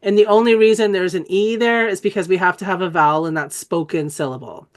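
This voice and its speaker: A woman's voice: lowish voice, fairly even intonation, quick pace. A woman who has a cold, giving an enthusiastic, conversational online teaching presentation and spelling out letters as she explains. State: has a cold, coughing and clearing throat. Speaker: dyslexia trainer presenting a webinar.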